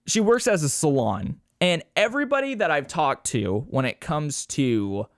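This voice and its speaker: A man's voice: fairly high pitch, normal speed, no echo, studio quality. A young man hosting a podcast alone, rambling casually, swearing and poking fun at himself. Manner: rambling, swearing, self-mocking; animated, mimics people with a raised voice. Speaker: podcast host. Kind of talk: casual solo podcast chat.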